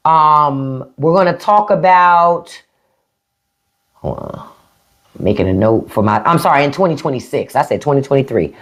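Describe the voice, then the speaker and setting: A woman's voice: sits low, moderate pace. A middle-aged woman with a DC-area accent, hosting a casual live stream and talking bluntly with plenty of swearing. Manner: blunt, profane, animated. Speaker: podcast host. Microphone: phone or desk mic on a live stream.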